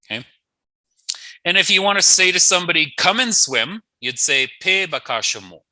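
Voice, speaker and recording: A man's voice: sits high, lively intonation, a little fast, pushed and bright, no room sound, poor audio. A man teaching an online language lesson, patiently saying each word twice and adding playful asides.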